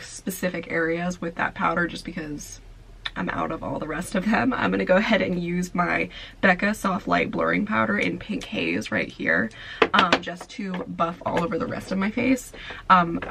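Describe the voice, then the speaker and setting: A woman's voice: fairly low pitch, vocal fry, background noise. A young woman vlogger, tired and sleepy, chatting casually through a makeup tutorial with lots of filler words. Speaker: beauty vlogger.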